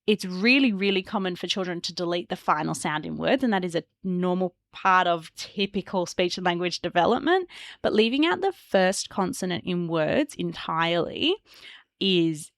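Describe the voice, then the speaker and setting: Low gravelly woman explaining clearly. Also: no echo, clean studio sound. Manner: explanatory, models speech sounds slowly. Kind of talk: educational podcast explanation.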